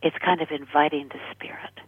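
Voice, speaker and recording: An older American woman tells her personal story as a radio interview guest. She speaks earnestly and often sinks to a breathy near whisper. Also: low-pitched, steady tone, a little fast, no room sound. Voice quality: husky, gravelly, breathy. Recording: dry tinny phone-line radio sound.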